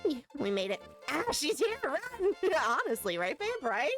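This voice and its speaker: A woman's voice: high voice, sing-song, moderate pace, music in the background. A woman live-streaming a video game, chatting with her viewers and shrieking at close calls. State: tired after work.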